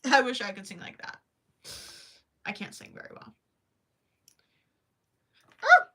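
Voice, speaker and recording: A young woman chats casually through a crochet livestream, thinking aloud, apologizing and giggling as she works. Her voice sits a little high and rings bright. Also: huge pitch swings, a little slow.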